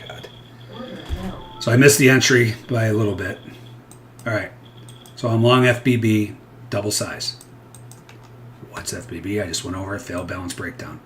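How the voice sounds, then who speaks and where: A man's voice: on the low side, fairly even intonation, moderate pace, long pauses, a little hiss or hum. A man, a futures trader, talking through his trades live in a rambling, candid way that keeps interrupting itself. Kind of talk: live trading commentary.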